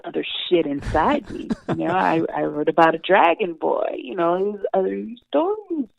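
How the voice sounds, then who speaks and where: Animated, gravelly woman on a phone line. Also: lowish voice, moderate pace, dry recording. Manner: animated, swears freely, laughs often. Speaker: comic book writer, guest. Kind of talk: casual interview chat. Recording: tinny phone-line sound.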